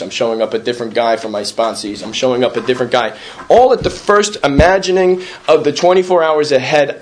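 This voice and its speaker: A man speaking at a recovery meeting, earnest and self-deprecating, repeating himself and often asking for agreement. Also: medium pitch. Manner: repetitive, conversational, keeps asking "right?". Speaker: recovering alcoholic sharing at a meeting. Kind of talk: personal recovery talk.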